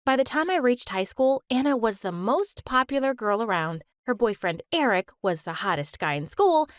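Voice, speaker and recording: A young woman narrating her own story in the first person, animated and expressive. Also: on the high side, moderate pace, dry recording, clean studio sound.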